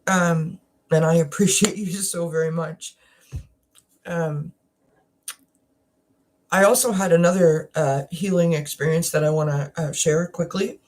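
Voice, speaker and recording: Emotional Canadian woman, slow and halting, close to tears, casual personal chat. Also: lowish voice, fairly even intonation, darkish tone. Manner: emotional, halting, many restarts. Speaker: wellness channel host.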